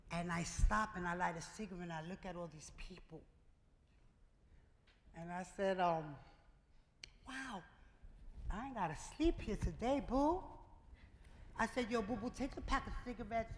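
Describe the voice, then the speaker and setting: A man giving a keynote speech, telling his own story in a lively way and acting out the dialogue. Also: a little high. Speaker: keynote speaker. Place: event hall before a live audience. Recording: reverberant hall with clear noise.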